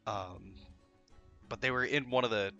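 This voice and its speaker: A man's voice: on the low side, unhurried, gravelly, highs cut off, over music. A man telling a story in casual chat, rambling with many fillers.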